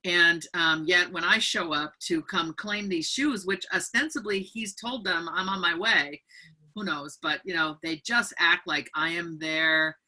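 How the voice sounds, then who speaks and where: A woman author speaking as a guest over a video call, animatedly telling a story and reading from her book. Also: sits low. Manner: animated, acts out other people's voices.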